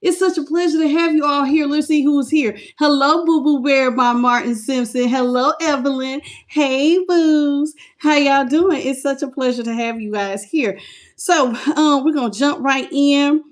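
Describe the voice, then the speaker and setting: A middle-aged woman with a high, unhurried voice hosts a casual live tarot stream at home from a phone on a stand. She's chatty and affectionate, greeting viewers by name and with pet names.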